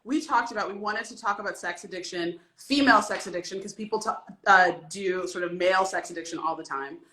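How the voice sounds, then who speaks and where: A woman's voice: medium pitch, fairly quick, bright, forceful tone. A woman who created the show, interviewing an actress in a friendly, casual way. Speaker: series creator interviewing the cast.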